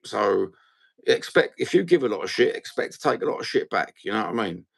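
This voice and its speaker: A man's voice: fairly low pitch, big pitch swings, brisk, creaky, a bit bright. A man with a Cockney accent hosting a casual fan livestream, blunt, sweary and rambling. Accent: London Cockney. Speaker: fan channel host.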